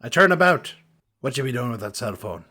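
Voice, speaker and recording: A man's voice: medium pitch, very animated, fairly quick, noisy background, close to an everyday voice. A man voicing a blustering retired quarterback who talks like a pirate. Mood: suspicious. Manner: pirate slang, gruff and blustering. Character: swaggering retired male football quarterback talking like a pirate.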